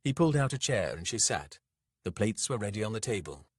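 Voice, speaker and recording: A male audiobook narrator with a low, husky voice, reading in a gentle, measured way. The recording is dry and close, with no room sound. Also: big pitch swings, no room sound. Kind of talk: scripted narration.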